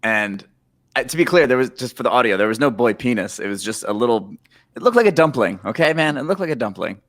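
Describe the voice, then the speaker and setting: A man's voice: medium pitch, expressive, fast, a bit bright. A man who handles the show's emails, answering back defensively in casual talk. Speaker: show producer.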